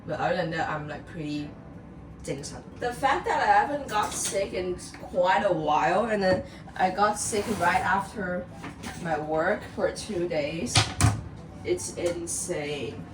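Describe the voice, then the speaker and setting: A young woman from Macau, slightly hoarse from being sick, chatting casually and rambling playfully in a vlog. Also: fairly low pitch, measured pace, background noise. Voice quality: raspy. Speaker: vlogger. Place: home kitchen. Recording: echoey room, camera a bit far off.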